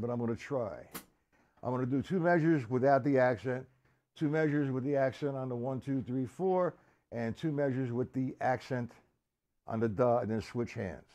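A man giving a live-streamed drum lesson. He counts beats out loud and chats casually with viewers between exercises. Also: medium pitch, a little fast. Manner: counts out loud over drumming, chatty asides to viewers. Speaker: drum teacher. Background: drum kit playing.

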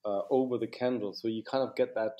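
A man's voice: medium pitch, steady tone, fast, lo-fi sound. A man, a cinematographer, recalling his work in an interview, often restarting sentences and filling with "you know". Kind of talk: reflective interview recollection.

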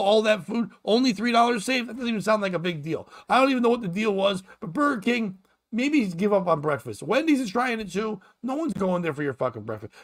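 A man hosting a casual comedic talk show, riffing and ranting with lots of swearing. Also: high-pitched. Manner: profane, riffing, rambling rants. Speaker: podcast host.

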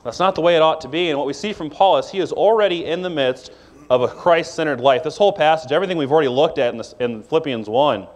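Pastor guy preaching, chatty and animated, kinda high voice. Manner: conversational, animated preaching with quick asides. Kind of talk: sermon.

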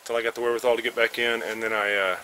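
A man's voice: mid-range voice, flat delivery, rapid-fire, background noise. A man rambling casually and with lots of swearing while he tells a story from his cluttered shed. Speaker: vlogger.

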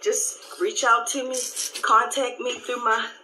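A woman pastor giving an animated, live-streamed devotional talk, repeating her phrases and laughing often. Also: a little high, unhurried, a little hiss or hum, poor audio.

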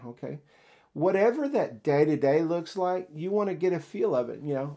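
Brief: male career coach, fairly high mellow voice, chatty, acts out dialogue. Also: normal speed, vocal fry. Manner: animated, acts out quoted dialogue. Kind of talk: casual instructional talk.

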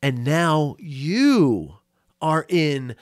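Man, coach, casual monologue, slightly higher voice, dry close sound. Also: big pitch swings, very slow, no echo. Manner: conversational, with frequent "right?" and small laughs. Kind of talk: solo podcast monologue.

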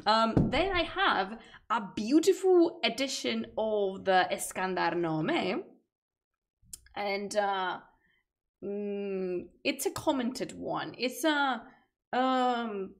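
A woman's voice: mid-range voice, slow pace. A woman chatting casually on a livestream, enthusiastic and a bit rambling, with fillers. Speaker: streamer.

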